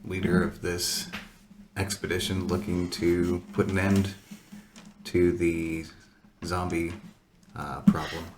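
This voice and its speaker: A man's voice: low voice, level tone, slow pace, pauses often. A man playing a tabletop game, speaking hesitantly and trailing off. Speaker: player. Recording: roomy with noise.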